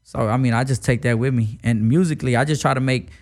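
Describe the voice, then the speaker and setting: Gravelly fast-talking young man. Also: mid-range voice, fairly even intonation. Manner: laid-back slangy speech with many fillers. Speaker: rapper, interview guest. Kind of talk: casual interview talk.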